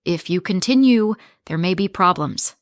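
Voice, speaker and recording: A woman's voice: lowish voice, animated, moderate pace, no echo, studio quality, close to an everyday voice. A woman reading as a stern male principal.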